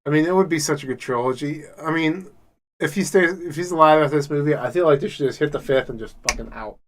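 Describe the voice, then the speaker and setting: A man's voice: on the high side, quick pace. Rambling, profane male podcast host. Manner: rambling, heavily profane, enthusiastic. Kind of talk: casual chat.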